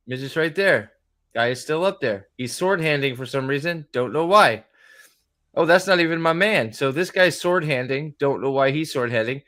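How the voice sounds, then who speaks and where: A man's voice: on the high side, bright, forceful tone. A young man with a slightly raised voice rants through a TV episode review. He is profane, sarcastic and plainly exasperated. His commentary is loose and reactive.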